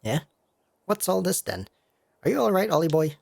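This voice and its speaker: A man's voice: fairly high pitch, sing-song, moderate pace, gravelly, a little mellow, no echo, voice pushed up, exaggerated voice. A man voicing a cheeky, bossy male fairy sidekick who talks in brash slang, reading game dialogue.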